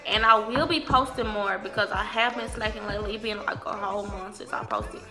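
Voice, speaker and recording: A young woman vlogger telling a casual storytime, animated and slangy, cursing freely. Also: mid-range voice, fairly quick, music in the background.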